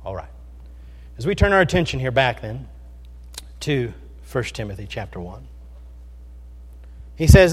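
A man's voice: mid-range voice, big pitch swings, measured pace, pauses often, husky, long reverb tail. A man preaching a sermon, earnest and emphatic, asking his listeners rhetorical questions.

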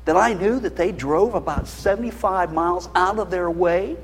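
A middle-aged man preaching a sermon, passionate and emotional, his voice going shrill when he raises it. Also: moderate pace, slight background noise. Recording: reverberant hall.

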